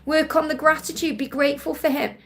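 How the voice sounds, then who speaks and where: A woman hosting a live psychic question-and-answer stream, gently reassuring and ending her points with a soft "okay?". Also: high-pitched, level tone, fairly quick. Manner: relays messages in first person with emphatic repetition.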